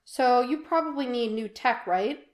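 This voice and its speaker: A woman voicing a casual, offhand middle-aged man who cares deeply, in an echoey room. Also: a little slow, muffled recording, lightly acted. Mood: wry. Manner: casual, offhand, loud when calling.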